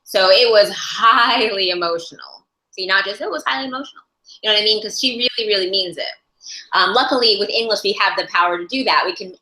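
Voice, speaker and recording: A woman's voice: medium pitch, sharp tone. A woman teaching a class on interpreting, talking things through thoughtfully with frequent restarts. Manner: thoughtful, searching for words, many restarts. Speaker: ASL interpreting instructor. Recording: echoey room.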